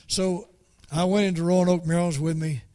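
A man's voice: high voice, steady tone, mellow. Folksy man telling a sermon story. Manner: folksy, halting with many repeated starts. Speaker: preacher.

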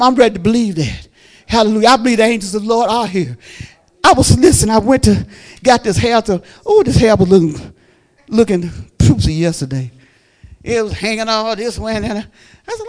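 A woman preaching a sermon, fervent and folksy, shouting and repeating her phrases. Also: medium pitch, fairly quick.

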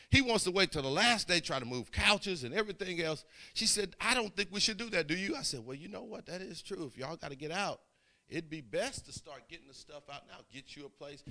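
A man preaching, telling a story in a sermon, swinging from quiet asides to shouting. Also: on the high side. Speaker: pastor.

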